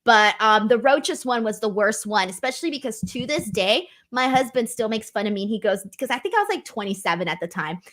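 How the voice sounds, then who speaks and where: A woman's voice: fairly high pitch, brisk, few pauses. A woman hosting a show, chatting casually and acting out quotes as she tells stories. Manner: animated storyteller, acts out quotes. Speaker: host. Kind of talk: casual chat.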